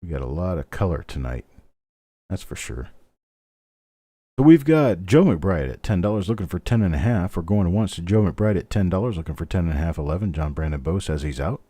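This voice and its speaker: A man's voice: low-pitched, animated, a little fast, warm tone, breathy edge, no echo. A middle-aged man hosting a live online coin auction, calling bids steadily and chatting between lots. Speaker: auctioneer host.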